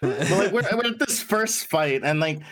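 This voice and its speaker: A man's voice: a little high, expressive, normal speed, a bit bright. A man co-hosting a podcast, chatting casually in a rambling way with many fillers and frequent laughs. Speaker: podcast co-host. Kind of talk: casual chat.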